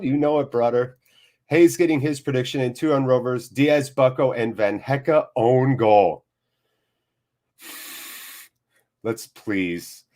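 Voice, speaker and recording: A man hosting a live football watchalong, chatting to viewers in an upbeat, jokey way and reading out their comments. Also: lowish voice. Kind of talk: live-stream chat to viewers.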